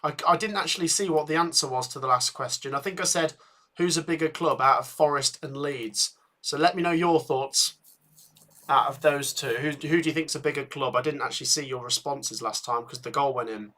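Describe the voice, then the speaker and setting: A man hosting a live football watchalong, chatting with viewers and getting excited at chances, a bit tired. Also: fairly high pitch, brisk. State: tired, yawning. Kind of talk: live match commentary and chat.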